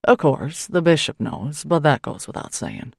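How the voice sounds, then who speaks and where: A woman voicing a patient, kindly male priest who talks warmly and gently. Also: deep voice, big pitch swings, creaky, slightly rough, dry recording, clean studio sound, heavily acted. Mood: wistful. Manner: warm, patient, slow.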